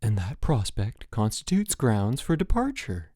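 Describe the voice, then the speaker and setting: A man voicing a young, wry acting camp director who makes deadpan announcements. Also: mid-range voice, unhurried, in a large hall.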